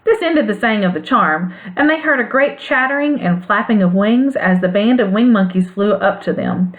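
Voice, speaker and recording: A woman narrating a classic storybook aloud in an expressive, lilting way. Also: mid-range voice, moderate pace. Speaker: audiobook reader. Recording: phone-like narrow band sound.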